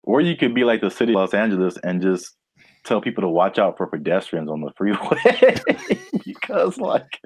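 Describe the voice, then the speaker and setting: A man's voice: lowish voice, very animated, normal speed, breathy edge, no room sound. A man from California co-hosting a casual podcast, rambling and laughing often. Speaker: podcast co-host.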